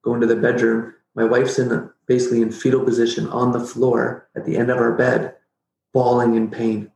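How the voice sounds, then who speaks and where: A middle-aged man telling a personal story as a podcast guest, animated and jokey, acting out his own past reactions. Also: mid-range voice, brisk, vocal fry, slight background noise. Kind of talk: casual storytelling interview. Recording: roomy echo.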